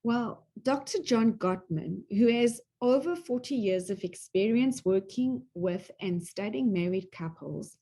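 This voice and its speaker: A middle-aged woman co-hosting a relationship talk, speaking slowly and expressively. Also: medium pitch. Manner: slow and expressive. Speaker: co-host and presenter. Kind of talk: presenting talk.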